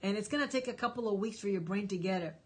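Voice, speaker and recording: A woman with a mid-range voice talks fast while hosting a live stream Q&A. She reads the chat and answers viewers' questions with emphatic, encouraging life advice.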